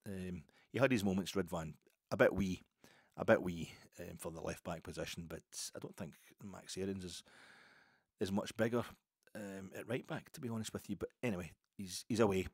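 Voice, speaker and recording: A man's voice: deep voice, normal speed, slightly rough, no echo, clean studio sound. A man in his fifties with a Scottish accent, hosting a solo football podcast in a rambling, wry way that keeps correcting itself. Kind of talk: casual solo podcast chat.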